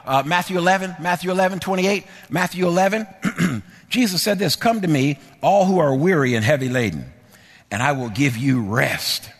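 Husky-voiced preacher in an echoing hall. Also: male voice, high voice. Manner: rhythmic repetition, builds to shouting and sing-song cadence. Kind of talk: sermon. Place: church sanctuary.

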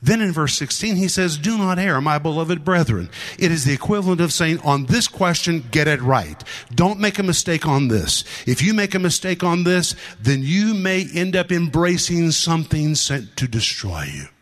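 A man's voice: fairly high pitch, expressive, normal speed, hardly any pauses, a bit bright. A man preaching a sermon, emphatic and repetitive, stressing his points and acting out the scripture he quotes. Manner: emphatic, repeats lines for stress.

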